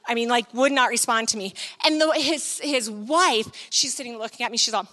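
Woman speaker, slightly high, sharp and bright voice, lively sermon storyteller. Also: moderate pace. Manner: animated, acts out the scene; frequent filler "like".

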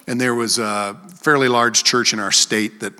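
Bright-voiced man preaching in a reverberant hall. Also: steady tone, moderate pace. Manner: storytelling, acts out quoted voices with sharp rises in pitch. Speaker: preacher and worship leader. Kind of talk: conversational sermon.

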